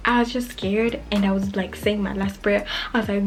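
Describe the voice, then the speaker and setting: A young woman casually telling a personal story, animated and acting out her past self in quoted lines, sometimes dropping to a whisper. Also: mid-range voice, moderate pace, faint music behind.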